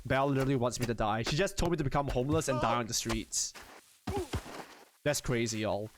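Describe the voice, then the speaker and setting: A man live-streaming a game, chatting casually with his viewers in an excitable, animated way and swearing freely. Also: mid-range voice, a little fast, noisy background.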